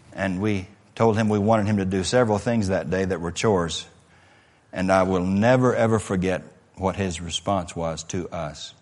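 A middle-aged man preaching a sermon in a church, in an earnest, conversational way with many rhetorical questions, heard in an echoey hall. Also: fairly low pitch. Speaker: pastor. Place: church sanctuary.

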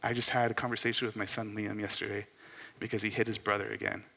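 A pastor in his thirties preaching a sermon, earnest, rising to loud emphasis and dropping to soft near-whispers. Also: on the low side, level tone, fast, gravelly, husky. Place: church sanctuary. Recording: long hall reverb.

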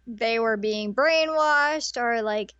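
A woman co-hosting a casual chat, retelling a show in a giggly, sarcastic, animated way. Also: fairly high pitch, takes it slowly, no echo, dull audio. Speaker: podcast co-host.

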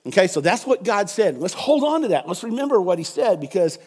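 A man's voice: sits high, very animated, a little fast, a little mellow, breathy edge. A man preaching a conversational sermon, checking in with his listeners and often repeating words. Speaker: pastor.

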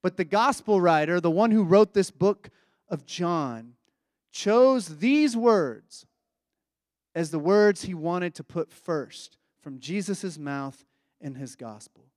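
High-voiced man preaching conversationally. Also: expressive, slow, darkish tone, no echo, clean studio sound. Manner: conversational, reflective, asks the listeners questions. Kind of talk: sermon.

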